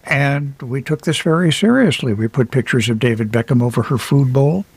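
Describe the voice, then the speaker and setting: A man's voice: mid-range voice, lively intonation, normal speed, creaky, breathy edge. A man speaks as an author guest on a radio interview. He tells personal stories in a reflective way with touches of humor. His voice sits in a middle register and sounds dry and close, with no room echo. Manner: reflective, anecdotal, light humor with laughs. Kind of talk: radio interview, casual storytelling.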